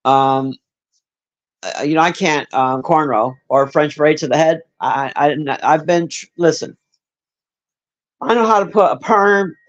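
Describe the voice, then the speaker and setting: A man with a high-pitched voice streams live, chatting casually with his viewers. He swears freely and rambles with plenty of fillers, calling out people in chat by name. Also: a little slow, pauses often, dull audio. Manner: profane, rambling, with many fillers; talks straight to chat by name.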